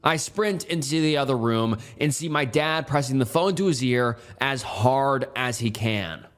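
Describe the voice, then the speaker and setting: A man's voice: medium pitch, a little slow. Man narrating a somber horror story.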